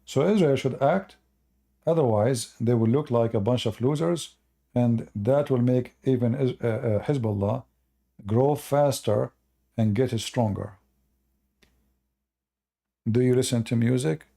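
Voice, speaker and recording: A man rambles through viewer questions in a loose livestream chat. His voice is gravelly and dark, sitting at a middle pitch. He trails off and restarts often. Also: measured pace, pauses often. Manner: rambling, many fillers and restarts. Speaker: religious commentator answering viewers.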